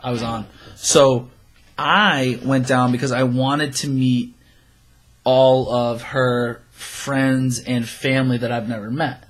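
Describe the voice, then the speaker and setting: A young man co-hosting a podcast, telling a story in casual chat, animated and swearing as he acts out his friends' lines. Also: mid-range voice, takes it slowly. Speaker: podcast co-host.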